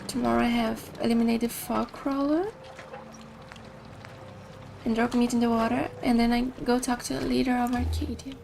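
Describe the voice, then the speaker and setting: High, gravelly woman gamer. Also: little pitch movement, moderate pace, pauses often, darkish tone, slight background noise. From Brazil. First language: Portuguese. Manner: chatty, answers viewers' comments. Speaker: game streamer. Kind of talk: casual chat while playing.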